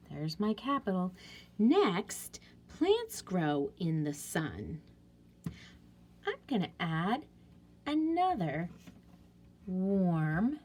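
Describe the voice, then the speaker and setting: A woman teacher walks young children through editing a story. Her voice swoops up and down in a lively, sing-song way, and she takes her time, talking slowly and patiently as she thinks aloud. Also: mid-range voice. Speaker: elementary school teacher. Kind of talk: classroom writing lesson for young children.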